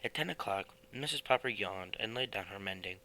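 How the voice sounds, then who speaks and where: A man's voice: fairly low pitch, lively intonation, brisk, pushed and bright, a little hiss or hum, rough recording. A man reading a children's book aloud, plainly, with small slips now and then. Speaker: reader.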